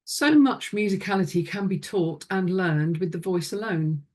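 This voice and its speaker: A woman with a somewhat low voice leads a music teaching webinar. She speaks in a calm, instructive way, close to the microphone. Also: moderate pace. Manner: calm, instructive, demonstrates vocal exercises. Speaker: music education presenter.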